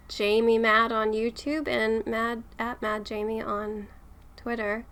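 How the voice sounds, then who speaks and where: A woman co-hosting a casual podcast, with a bright, sharp tone that sits a bit high. She giggles and laughs often and sounds shy and self-conscious. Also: level tone, measured pace. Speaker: podcast co-host.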